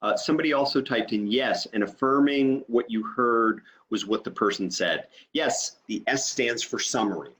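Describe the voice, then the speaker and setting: A man's voice: medium pitch, normal speed, hardly any pauses, a bit bright. A man teaching an online training session over a video call, explaining step by step and checking in with "okay?".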